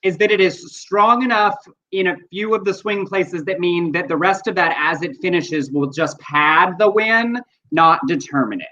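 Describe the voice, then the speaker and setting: Texan man, fairly high voice, bright tone, chatty livestream co-host, dull lo-fi audio. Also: normal speed, few pauses. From Texas. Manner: reads viewer comments aloud, chatty and animated. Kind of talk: casual livestream chat.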